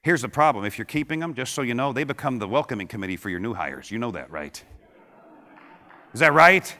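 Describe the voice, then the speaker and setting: A man's voice: medium pitch, sing-song, brisk, bright, forceful tone, a little hiss or hum. A middle-aged man giving a punchy, joking motivational keynote speech, firing rhetorical questions at a conference audience. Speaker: keynote speaker. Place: large conference hall with audience. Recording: long hall reverb.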